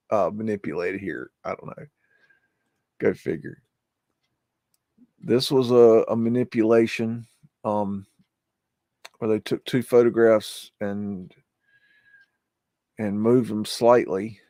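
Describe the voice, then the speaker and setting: A man's voice: on the low side, mellow, dry recording, clean studio sound. A man hosting a live show, talking through archive photos in a hesitant, rambling way, often muttering exclamations and swearing when something spooks him. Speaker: livestream host.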